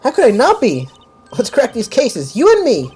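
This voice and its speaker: A gamer voicing an eager young female sidekick from a video game, shrill and excitable while reading her lines aloud. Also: quick pace. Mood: gung-ho.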